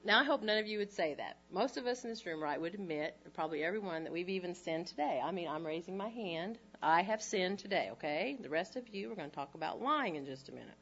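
A middle-aged woman teaching the Bible to a group of women, conversational and lively, with frequent rhetorical questions. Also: fairly low pitch, fast talker, hardly any pauses, slightly rough, lo-fi sound. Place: room with a live audience.

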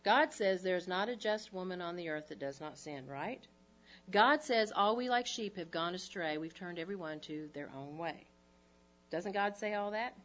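A middle-aged woman teaching the Bible to a group of women, conversational and lively, with frequent rhetorical questions. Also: lowish voice, moderate pace, dull audio. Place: room with a live audience.

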